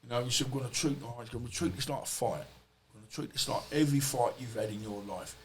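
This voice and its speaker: A man sits as a guest on a podcast, sharing stories in a loose, rambling flow with plenty of swearing. His voice sits at an ordinary middle pitch, and a faint hum of room noise sits behind him. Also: fast talker. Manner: rambling, swearing, colloquial storytelling. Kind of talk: casual storytelling interview.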